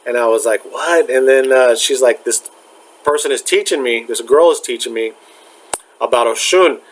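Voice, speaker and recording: A man's voice: mid-range voice, slight background noise, rough recording. Rambling young man recounting a dream. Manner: rambling, halting, many fillers and restarts. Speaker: spiritual vlogger. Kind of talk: casual storytelling.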